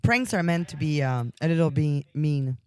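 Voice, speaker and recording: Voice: medium pitch, animated, moderate pace, clean tone, no echo. A podcast co-host reacting eagerly and chatting about pranks in a casual way. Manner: eager, reacting with short enthusiastic remarks. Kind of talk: casual chat.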